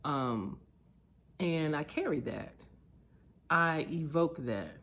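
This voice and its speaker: A woman's voice: deep voice, slow, slight background noise. Candid woman reflecting in a vlog. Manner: candid and heartfelt, warming into lively storytelling. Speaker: vlogger.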